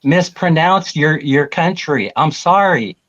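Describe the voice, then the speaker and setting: A man's voice: on the high side, expressive, slow, fairly bright tone. Wry man hosting a stream, dull sound. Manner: wry, joking, apologetic. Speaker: live stream host. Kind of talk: casual live stream chat.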